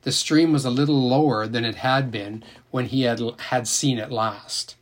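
A man narrating an audiobook in an expressive, emotional reading style. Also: mid-range voice, normal speed.

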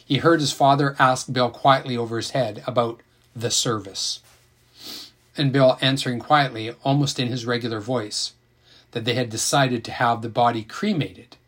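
Man giving an expressive audiobook reading. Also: mid-range voice. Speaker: narrator. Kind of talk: audiobook narration.

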